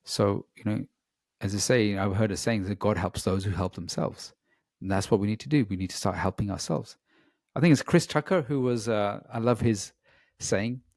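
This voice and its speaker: Earnest man, lowish voice. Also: moderate pace, darkish tone, no echo, clean studio sound. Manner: earnest and reflective, with frequent "you know" fillers. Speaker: coach, interview guest. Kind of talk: personal story in an interview.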